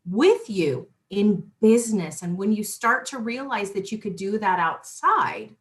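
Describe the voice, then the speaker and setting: A middle-aged woman hosts a casual spiritual talk show at a middle pitch. She rambles with animation, restarts her sentences and calls out to her audience as she goes. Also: a little slow. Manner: chatty and animated, with lots of restarts and asides to the audience. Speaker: host.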